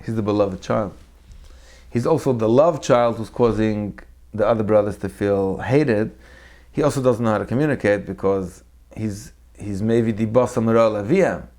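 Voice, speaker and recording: Animated male Torah storyteller. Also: fairly low pitch, normal speed. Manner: animated storyteller who acts out the people in his tales. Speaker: Torah teacher. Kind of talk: weekly Torah talk with storytelling.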